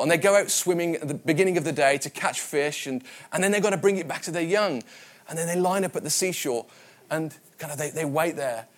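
A man from the West Midlands preaching a sermon, telling personal stories in a conversational way and often repeating his words. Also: on the high side. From West Midlands, England. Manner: conversational and anecdotal, with frequent repetitions.

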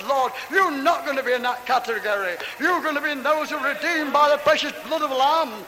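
A man preaching a revival sermon and altar call, fervent, with drawn-out exclamations and speaking in tongues, at a church meeting. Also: very high voice, a bit bright, slight background noise. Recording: long hall reverb.

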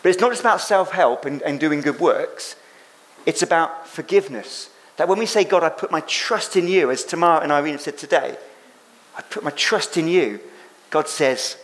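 A man's voice: fairly high pitch, animated, normal speed, a bit bright. A man preaching a sermon as pastor, speaking emphatically, repeating phrases for effect and acting out quoted lines.

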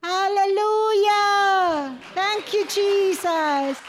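Slow, tearful, fervent woman. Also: extremely high pitch, fairly even intonation. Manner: fervent, tearful, breaks into laughter. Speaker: speaker sharing a Christian testimony. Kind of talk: emotional devotional testimony.

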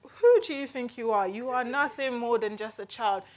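A woman's voice: a little high, normal speed, close to an everyday voice. A woman voicing a scoffing older man with a mock Jamaican accent, dismissing a boy as a mere child.

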